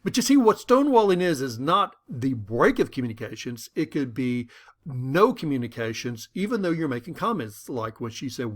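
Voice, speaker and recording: A man's voice: mid-range voice, moderate pace. Guy teaching about conflict, tells stories from his own life, voice bounces up and down a lot. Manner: animated storytelling that acts out dialogue. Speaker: lecturer on conflict management. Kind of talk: lecture with personal anecdotes.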